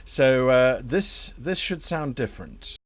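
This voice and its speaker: A man's voice: mid-range voice, expressive, slow pace. A man from South Africa, a game master chatting loosely on a live stream and rambling about his setup. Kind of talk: casual live-stream chat.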